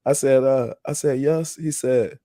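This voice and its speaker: Laughing, storytelling man with a mellow voice. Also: medium pitch, unhurried, no echo, clean studio sound. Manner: animated, laughs often, acts out quoted voices. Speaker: podcast host. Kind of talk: casual storytelling.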